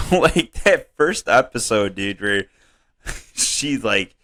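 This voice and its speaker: A man co-hosting a comedy podcast, rambling and swearing in casual chat, laughing often and jumping up in pitch when worked up. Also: takes it slowly. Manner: animated, voice jumps up when worked up. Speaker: podcast co-host.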